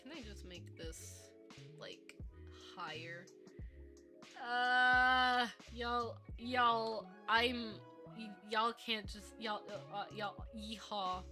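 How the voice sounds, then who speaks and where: High bright girl streamer being goofy and giggly, hamming up fake evil bits, kinda slow talker, faint music behind. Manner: playful, giggly, mock-villainous theatrics. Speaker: VTuber streamer and 3D modeler. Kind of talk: casual live stream chat.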